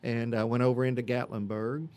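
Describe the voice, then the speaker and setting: A man, a church senior group leader chatting in a radio interview, folksy and rambling, with many fillers and throat clearing. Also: mid-range voice, little pitch movement, fairly quick, a little mellow. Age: 50s.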